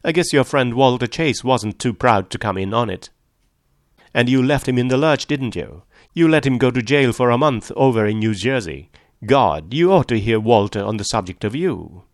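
A man voicing an arrogant wealthy man who speaks loudly and sneers with contempt, his voice gravelly. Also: medium pitch, animated, normal speed, no echo, clean studio sound, close to an everyday voice. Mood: accusing. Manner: loud, sneering, forceful.

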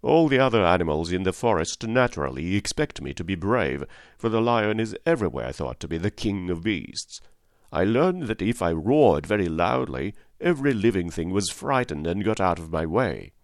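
A man's voice: deep voice, big pitch swings, normal speed, no room sound, clean studio sound. A man voicing a sad cowardly lion. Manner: sad, apologetic. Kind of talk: audiobook reading.

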